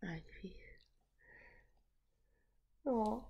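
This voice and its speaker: A woman's voice: medium pitch, extremely slow, mellow, husky. A woman hosting a reaction video, talking casually with many fillers and frequent laughter. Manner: chatty, rambling, laughs often, many fillers.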